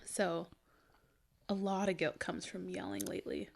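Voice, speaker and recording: A woman's voice: medium pitch, flat delivery, a little slow, creaky. A young adult woman co-hosting a podcast, telling chatty stories and using filler words often. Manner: chatty storyteller, leans on "like". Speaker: podcast co-host. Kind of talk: casual podcast chat.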